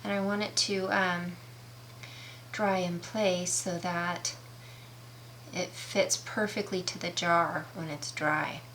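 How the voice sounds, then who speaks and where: A woman leads a casual craft tutorial in an unhurried, bright voice. She is chatty and enthusiastic, explaining each step with care. A faint hum of room noise sits behind her. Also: fairly low pitch, steady tone. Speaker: craft demonstrator.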